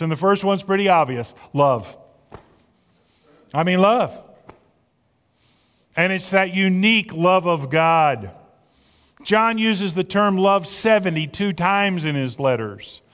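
A man's voice: sits high, fairly bright tone. A man preaching a sermon as pastor, earnest and conversational, often repeating words as he goes. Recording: long reverb of a large hall.

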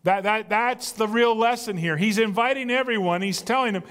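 A male pastor preaching a sermon with drama, dropping to a hush and then building loud. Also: high-pitched, normal speed. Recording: long reverb of a large hall.

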